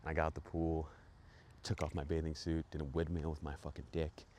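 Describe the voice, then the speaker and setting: A man's voice: rumbling low, little pitch movement, a little fast, warm tone, slight background noise. A man hosting a podcast, telling a profane, hyped story full of repetitions. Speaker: podcast host. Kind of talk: storytelling monologue.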